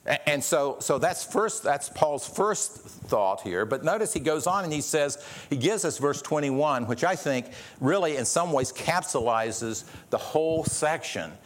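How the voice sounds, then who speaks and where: A man's voice: fairly high pitch, lively intonation, a little slow, few pauses, a little hiss or hum. A man preaching a sermon, earnest, often restarting and repeating words and asking rhetorical questions. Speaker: pastor.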